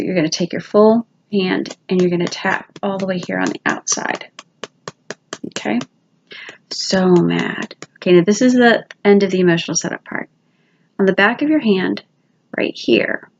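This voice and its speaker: A woman's voice: medium pitch, highs cut off. Chatty woman teaching a tapping routine. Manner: quick, chatty, demonstrative. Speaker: instructor. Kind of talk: casual how-to instruction.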